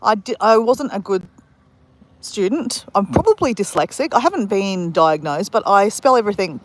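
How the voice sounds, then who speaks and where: An Australian woman vlogging live outdoors at a beach at dawn, chatting in a rambling, fast-talking way with lots of restarts. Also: mid-range voice, expressive. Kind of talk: live-stream chat on a beach walk.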